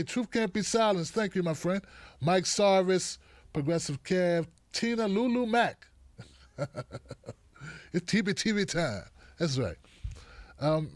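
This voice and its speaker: A man with a rather high voice hosts a live stream, chatting loosely and playfully with his viewers. His throat is dry and he keeps clearing it. The sound is dry and close, with no room echo. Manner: lively and animated, playful asides to viewers. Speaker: host of a live online show. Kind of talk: casual live-stream chat, greeting viewers.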